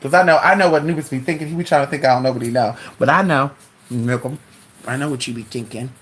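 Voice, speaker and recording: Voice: mid-range voice, racing, a bit bright, a little hiss or hum. A host chatting casually at home with viewers, calling everyone "honey" and talking to their dog between remarks. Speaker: live-stream host.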